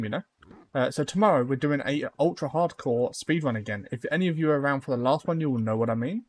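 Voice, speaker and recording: A young man chats loosely with his viewers while he builds in a game on a live stream. He rambles, trails off and restarts often, with an everyday pitch that sits in the middle for a man. His talk stays relaxed and informal throughout. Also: quick pace. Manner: rambling, lots of fillers, talks to chat. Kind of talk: casual live-stream chat.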